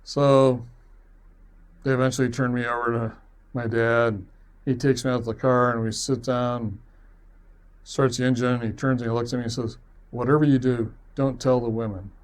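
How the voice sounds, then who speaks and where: A man of medium pitch recounting a story from his own life. He rambles along in a loose, conversational way, self-deprecating, with an easy chuckle here and there. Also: flat delivery, moderate pace, long pauses, clean tone. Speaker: web series producer. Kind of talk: personal storytelling.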